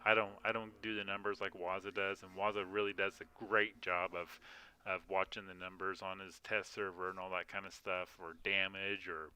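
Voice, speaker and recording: A man's voice: deep voice, little pitch movement, moderate pace, bright, forceful tone, clear, resonant tone. A man streaming a mobile game from home, chatting casually with viewers, rambling with lots of fillers and yawns. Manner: rambling, frequent yawning and filler words. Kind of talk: casual live-stream chat. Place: home room.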